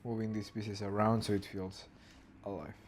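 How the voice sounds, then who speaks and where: A man's voice: lowish voice, little pitch movement, moderate pace, a little hiss or hum. A man, thinking aloud as he animates and mimicking a dog's barks. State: hoarse throat. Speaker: animator streaming his work. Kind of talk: casual narrated work session.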